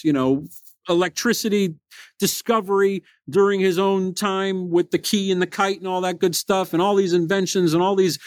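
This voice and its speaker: A man hosting a motivational podcast, telling a story with loud emphatic peaks and quiet low asides. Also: dry recording. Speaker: podcast host.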